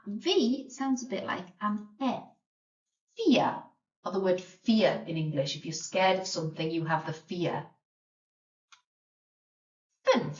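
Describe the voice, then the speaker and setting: A woman teaching a beginner language lesson, patiently sounding out and spelling words. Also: fairly high pitch. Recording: roomy, distant, dull lo-fi sound.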